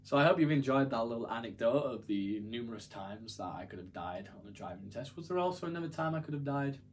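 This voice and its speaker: A man's voice: mid-range voice, animated, quick pace, a little hiss or hum. A young man telling a story to camera in a casual, rambling, self-deprecating way. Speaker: YouTuber.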